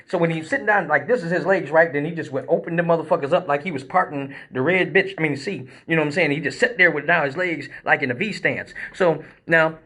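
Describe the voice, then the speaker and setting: High, bright-voiced man telling a comic story. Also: fast, few pauses. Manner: animated, profane, acts out scenes with sound effects. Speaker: male exotic dancer, live-stream host. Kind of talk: comic storytelling, casual chat.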